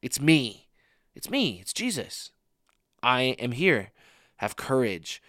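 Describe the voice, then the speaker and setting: A man's voice: medium pitch, a bit bright, no room sound, clean studio sound. A man preaching a conversational sermon, earnest and informal, often restarting his phrases.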